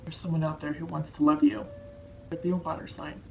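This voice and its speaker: Woman, tarot reader, low gravelly voice, soft-spoken, emotional, reassuring. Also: little pitch movement, brisk, music in the background. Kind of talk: tarot card reading to camera.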